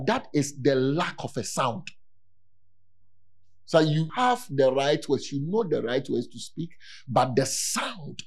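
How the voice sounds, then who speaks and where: A man preaching a sermon in an animated way, repeating key words and rising to near-shouts for emphasis. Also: a little high, breathy edge.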